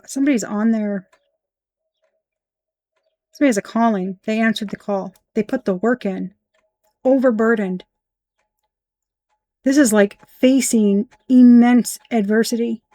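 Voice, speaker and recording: A fairly high-voiced woman talks through a tarot spread in a blunt, emphatic way, cursing as she goes. The sound is close and dry, with no room echo. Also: dark tone. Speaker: tarot reader. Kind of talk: casual tarot reading.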